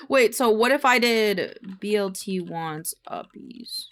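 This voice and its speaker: A woman streamer chatting casually, excitable and gushing, swearing and muttering to herself. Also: medium pitch. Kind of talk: casual live-stream chat.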